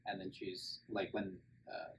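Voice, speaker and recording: A man's voice: low voice, flat delivery, unhurried. A man co-hosting a casual movie podcast, thinking aloud about a character's motives. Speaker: podcast co-host. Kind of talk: casual movie review chat. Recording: faint background noise.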